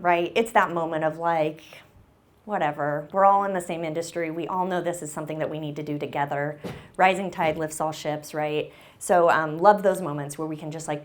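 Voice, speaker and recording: Chatty woman doing a keynote on a stage mic, lowish voice, lots of ums and right?. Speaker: conference keynote speaker. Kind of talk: conference keynote talk. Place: conference room with an audience. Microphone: handheld or stage mic that briefly cut out.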